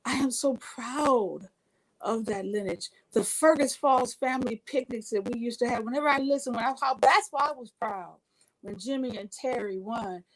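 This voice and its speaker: Poor audio captures a fairly high-pitched woman at a moderate pace. She's from Minnesota and appears as an interview guest, enthusiastically and warmly recounting family stories in a conversational way, with frequent restarts.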